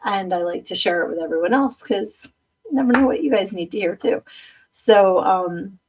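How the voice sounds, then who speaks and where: A woman's voice: medium pitch, lively intonation, normal speed, far from the mic, noisy background. A middle-aged woman hosting a podcast, chatting casually and rambling, laughing often at herself as she reads viewer comments aloud. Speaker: podcast host.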